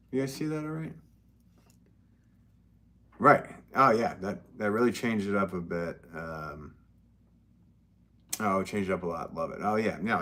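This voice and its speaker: Deep-voiced chatty potter on a live stream. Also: male voice, fairly bright tone, slight background noise. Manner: rambling and chatty, talks to viewers directly. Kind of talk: casual live-stream chat while working at the wheel. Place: pottery studio at the wheel.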